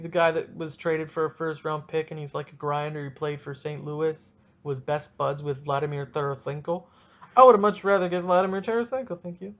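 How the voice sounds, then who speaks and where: A man hosting a casual solo sports podcast, talking in an excitable, rambling and jokey way, with a stuffy nose. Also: fairly high pitch, moderate pace. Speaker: podcast host.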